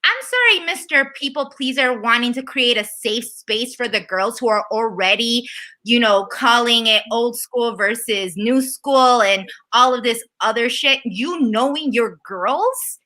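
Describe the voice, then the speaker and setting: Bright-voiced woman ranting animatedly. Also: on the high side, unhurried. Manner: animated, ranting, mocking impressions. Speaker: podcast co-host. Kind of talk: casual recap chat.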